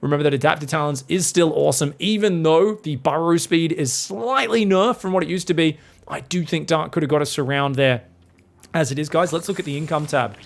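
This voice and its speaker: A man giving solo play-by-play commentary on a strategy game match, excitable and casual, acting out the players' thoughts and swearing now and then. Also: a little high, a little fast, creaky. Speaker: esports caster.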